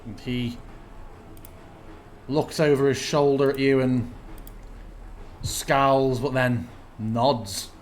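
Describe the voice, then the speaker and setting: A man's voice: medium pitch, fairly even intonation, extremely slow, pauses often, slight background noise. A man narrating a tabletop game as game master, thinking aloud as he checks rules.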